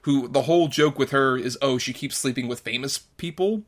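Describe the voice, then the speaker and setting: A man's voice: medium pitch, brisk. A man co-hosting a casual movie review podcast, offering wry, dry criticism with lots of fillers. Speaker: podcast co-host.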